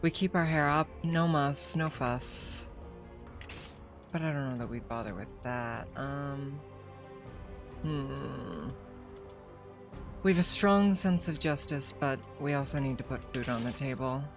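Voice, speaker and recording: Chatty low-voiced woman streamer. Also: lively intonation, measured pace, long pauses, faint music behind. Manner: chatty, swears casually. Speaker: VTuber streamer. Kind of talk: casual game commentary.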